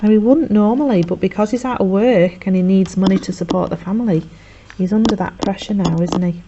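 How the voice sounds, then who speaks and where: A woman's voice: mid-range voice, background noise. A woman teacher, chattily retelling a play for revision and acting out the characters' lines. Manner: chatty, acts out characters' lines in quick voices. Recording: dull lo-fi sound.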